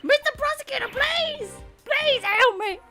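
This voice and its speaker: A woman voicing a frightened young woman accused of murder, high and desperate as she begs for help. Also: expressive, measured pace, sharp tone, faint music behind, heavily acted.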